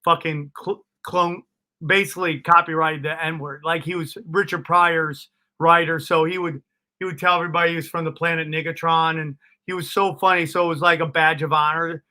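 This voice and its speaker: Bright, high-voiced male comedian telling stories. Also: normal speed. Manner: animated, profane, laughs at his own stories. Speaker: comedian guest. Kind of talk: casual storytelling interview.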